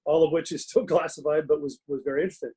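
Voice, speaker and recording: A man's voice: on the high side, steady tone, very fast, dark tone, breathy edge, low-quality recording. A middle-aged man in a casual interview as a guest author, telling self-mocking stories from his home den and laughing through them.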